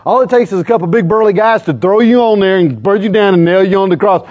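A man, preaching to a live crowd in a humorous, excitable storytelling way with sudden loud outbursts. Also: high-pitched, fast.

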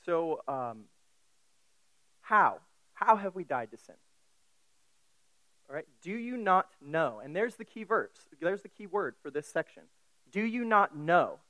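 A man preaching an expository sermon, emphatic and deliberate, with casual asides and quick self-corrections. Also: on the high side, big pitch swings, fairly bright tone, no room sound, low-quality recording. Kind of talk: sermon, expository Bible teaching.

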